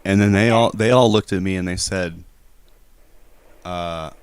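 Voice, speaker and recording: Male prank caller, lowish voice, long-winded and flustered, clear stream mic. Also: unhurried, dry recording. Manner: rambling, hesitant, defensive, with many restarts. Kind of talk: prank phone call storytelling.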